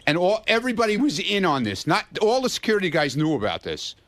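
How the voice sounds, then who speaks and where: A man's voice: high-pitched, very animated, fast talker, a bit bright, no room sound. A man telling a story on a radio show, defensive and protesting as he is interrupted. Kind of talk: casual radio banter.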